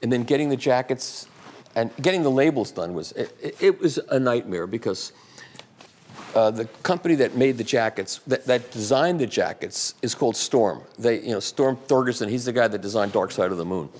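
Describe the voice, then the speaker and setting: Animated older man telling anecdotes. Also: medium pitch, moderate pace. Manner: animated, rambling anecdotal storyteller. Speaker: invited speaker answering audience questions. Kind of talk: live talk with audience Q&A.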